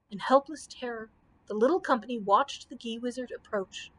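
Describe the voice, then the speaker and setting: A woman's voice: a little high, moderate pace, rough recording. A woman librarian reading a children's book aloud, telling it expressively. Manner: expressive storytelling.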